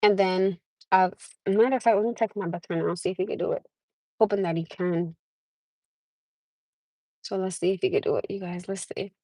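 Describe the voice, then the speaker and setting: Woman rambling on her live stream to viewers, mutters quietly at times, dry close sound. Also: fairly low pitch, fairly even intonation, normal speed, long pauses, no echo, rough recording. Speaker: livestream host. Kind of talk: casual live-stream chat.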